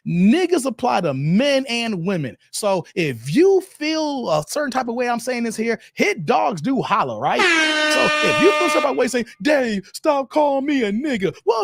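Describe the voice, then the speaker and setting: A man's voice: high voice, gravelly, no echo, clean studio sound. A man hosting a livestream, reacting to videos with blunt, profane, emphatic rants and reading out chat messages. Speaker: live-stream commentary host.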